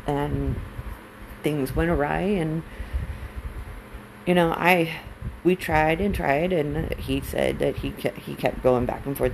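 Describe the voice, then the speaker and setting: A woman's voice: deep voice, slow pace, gravelly, long pauses, background noise. A woman in her forties, a military spouse, talking candidly and emotionally about her own life, blunt and swearing when angry. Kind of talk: candid personal monologue.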